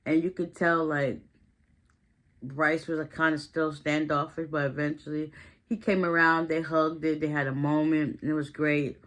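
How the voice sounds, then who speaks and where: A woman giving a casual, chatty recap of a TV episode, full of fillers and growing animated as she retells scenes. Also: deep voice, normal speed. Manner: chatty, loose, heavy with fillers like "like" and "listen". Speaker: recap vlogger.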